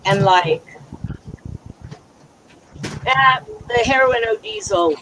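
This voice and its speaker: Man with a high voice, frank casual chatter, exasperated storyteller. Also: slow, background noise. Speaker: livestream chat participant. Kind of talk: casual group chat.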